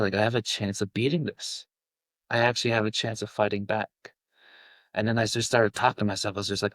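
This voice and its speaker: A man, a guest coach, telling a deeply personal story, halting and full of restarts and fillers. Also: fairly bright tone, no room sound. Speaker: self-love coach, guest.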